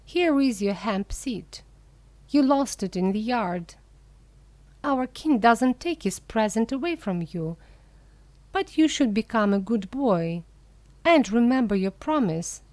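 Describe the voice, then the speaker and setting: A woman's voice: on the high side, animated, takes it slowly, a little mellow, no echo. A woman voicing a kind magic black hen. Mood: earnest.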